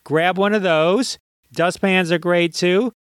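A man's voice: high-pitched, fairly even intonation, slow, smooth, no room sound, studio quality. A man hosting a podcast, delivering a playful comic monologue with mock-hype. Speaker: podcast host.

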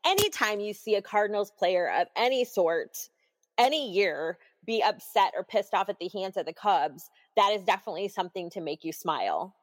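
A woman co-hosting a casual sports podcast, chatting as an excited fan with plenty of fillers. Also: medium pitch, moderate pace, long reverb tail. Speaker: podcast co-host.

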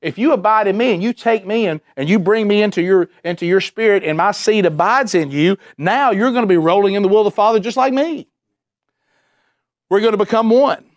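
A man's voice: high-pitched, brisk, no echo, clean studio sound. A man preaching a sermon, earnest and repetitive, firing off rhetorical questions. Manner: earnest, repeats words, fires rhetorical questions.

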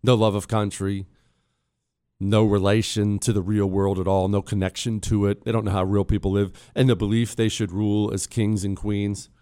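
A man's voice: fairly low pitch, level tone, normal speed, dark tone, clear, resonant tone, dry recording, clean studio sound. A man hosting a talk radio show, speaking in a blunt, sarcastic, conversational way while losing his voice. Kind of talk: opinionated talk radio monologue. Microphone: studio microphone.

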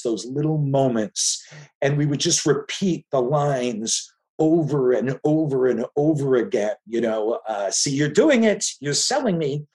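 A man in his fifties from the Philadelphia area, a filmmaker guest telling stories in casual conversation with animated restarts. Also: medium pitch. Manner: animated storytelling with frequent restarts.

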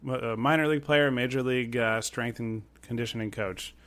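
Sports podcast guy, mid pitch, kinda hesitant, thinks out loud and jokes around. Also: fairly even intonation, normal speed. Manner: hesitant, musing, joking. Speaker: podcast co-host. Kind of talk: casual sports chat.

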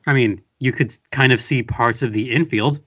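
A man's voice: medium pitch, moderate pace, fairly bright tone, husky, dull audio. A man from Southern California chatting casually on a podcast, telling a rambling, wry story full of fillers. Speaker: podcast host guest. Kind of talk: casual chat.

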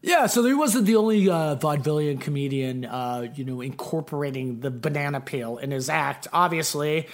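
A man's voice: on the high side, moderate pace, hardly any pauses. A man co-hosting a podcast in casual chat, rambling with many fillers as he tells a story. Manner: rambling, lots of fillers and restarts. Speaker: podcast co-host.

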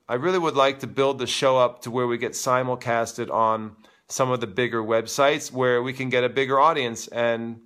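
A man hosting a live tennis show, talking casually and with strong opinions while he answers viewer comments. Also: medium pitch. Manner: animated, opinionated, teasing.

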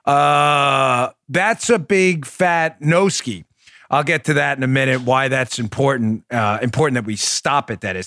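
A man's voice: mid-range voice, a bit bright, dry recording, studio quality. Combative male political talk host. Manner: emphatic, combative, addresses listeners directly. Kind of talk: political talk show monologue with ad reads.

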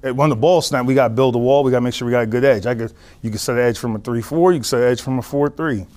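Male football coach, mid-pitched, instructive, restarts sentences. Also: rapid-fire, a little mellow. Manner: explanatory, restarts often. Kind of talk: explaining defensive scheme.

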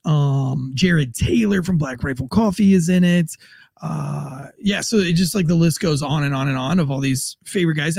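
A man's voice: a little high, gravelly, darkish tone, slightly rough, no echo. A man hosting a podcast, recapping celebrity news in loose, rambling casual chat with lots of fillers. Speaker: podcast host.

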